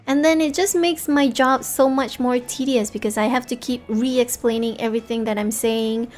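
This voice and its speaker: A woman's voice: a little high, fairly even intonation, moderate pace, a little mellow, soft background music. A young woman from Singapore with a light Singaporean English accent, chatting casually on a stream, giggly and full of fillers and restarts. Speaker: VTuber streamer.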